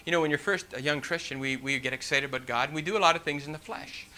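Bright-voiced male preacher. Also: fairly high pitch, fast. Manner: reads scripture, then preaches with animated emphasis and rhetorical questions; folksy asides, frequent "you know". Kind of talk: sermon with scripture reading.

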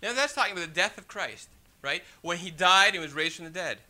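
A man delivering a lively sermon in a high, very bright voice. He preaches in an animated, rhetorical way and keeps checking in with the listeners. He also reads scripture in old-fashioned wording. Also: a little fast.

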